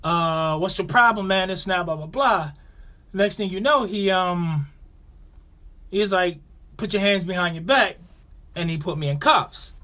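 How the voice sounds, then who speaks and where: Man, Buffalo accent, high bright voice, animated casual storytelling. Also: unhurried, pauses often. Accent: Buffalo, New York. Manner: animated, acts out quotes with raised voice. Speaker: podcast co-host.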